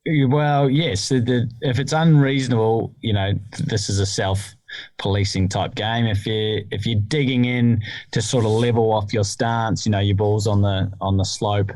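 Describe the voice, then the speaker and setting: A man's voice: lowish voice, fairly even intonation, moderate pace, darkish tone, no echo. A man co-hosting a podcast, explaining rules in casual chat with frequent hesitations and restarts. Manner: hesitant, restarts often with fillers while explaining.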